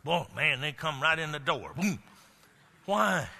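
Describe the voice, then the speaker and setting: High, bright-voiced preacher in echoing church. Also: male voice, expressive, measured pace, creaky. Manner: emphatic preaching with storytelling asides. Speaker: pastor. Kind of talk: sermon. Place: church sanctuary. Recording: long church-hall reverb.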